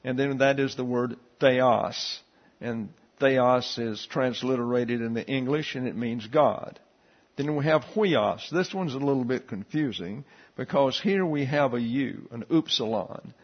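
A man teaching a Bible class, explaining Greek letters and a verse in a steady, explanatory way with frequent fillers. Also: medium pitch, measured pace, highs cut off.

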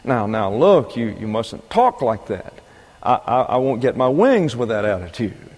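A man's voice: mid-range voice, big pitch swings, a little slow, pitched below the performer's own voice. A man voicing an earnest, stammering older male guardian angel in a retold film story. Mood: pleading. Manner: gentle, stammering, eager to please. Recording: long reverb.

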